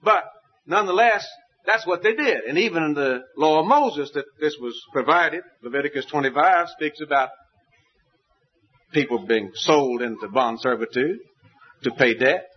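A man's voice: lively intonation, normal speed, slightly rough, lo-fi sound. Folksy, emphatic man preaching a sermon. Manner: folksy, emphatic storytelling with wide swings in pitch.

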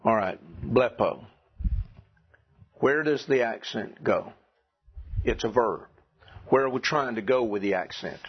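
Husky guy teaching a class, repeats stuff patiently, kinda muffled lo-fi recording. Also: mid-range voice, a little slow, pauses often. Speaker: Greek teacher. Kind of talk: classroom lecture.

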